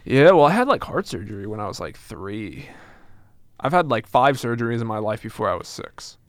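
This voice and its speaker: A young man talks casually and rambles, leaning hard on "like" as he goes. His voice is smooth and clear, recorded dry and close with no echo. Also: on the low side, very animated, brisk. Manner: rambling, lots of fillers. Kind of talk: casual podcast chat.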